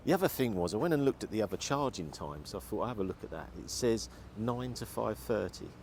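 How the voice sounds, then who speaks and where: A man's voice: fairly low pitch, very animated, fast, a little mellow, slight background noise. A man venting his frustration while driving, talking and muttering to himself in a car vlog. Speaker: car vlogger.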